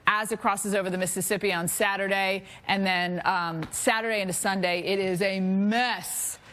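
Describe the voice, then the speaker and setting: A middle-aged woman presenting a live TV weather forecast, lively and chatty, laughing at her own slips. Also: medium pitch, normal speed.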